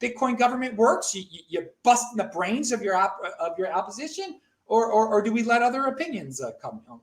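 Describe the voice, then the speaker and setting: An American man hosting a talk show, who talks in an excitable, rambling way. His voice sits high and swings widely in pitch. He stumbles and restarts often as he chases his thoughts. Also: brisk. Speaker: show host. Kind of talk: casual talk show chat.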